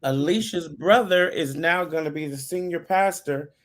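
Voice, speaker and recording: Co-hosting a relaxed talk show, this man is easily excited and quick to let out high squeals or almost cry as the casual chat goes on.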